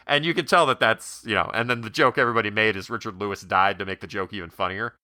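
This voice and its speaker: A man with a deep yet bright, edgy voice co-hosts a casual podcast chat. He tells stories with animated energy and acts out the quoted lines. His voice sounds dry and close to the mic. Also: fast, dry recording. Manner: animated storyteller, acts out quoted scenes at a much higher pitch. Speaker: podcast co-host.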